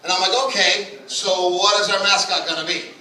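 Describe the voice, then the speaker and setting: A brash, crude stand-up comic works a small club from some way off the mic, his bright, high voice ringing around the room. He talks fast and loose and breaks now and then into shouted put-on voices. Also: steady tone, slight background noise. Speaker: stand-up comedian. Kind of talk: open mic stand-up set. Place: small comedy club stage. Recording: echoey room, mic at a distance.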